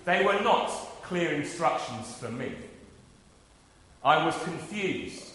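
Animated preacher in an echoing church. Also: male voice, on the high side, slow pace, a little hiss or hum. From South London, England. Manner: animated, self-deprecating storyteller. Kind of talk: sermon with personal storytelling. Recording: echoey church with long reverb.

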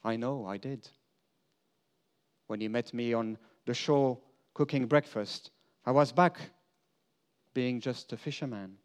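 A man giving a first-person dramatic monologue as an apostle. He tells the story earnestly, moving between emphatic lines and hushed confession. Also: mid-range voice, unhurried, clear, resonant tone.

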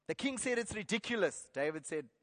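A man's voice: sits high, expressive, brisk, fairly bright tone. A man preaching a sermon, earnest and exhorting, now and then restarting a phrase. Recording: long hall reverb.

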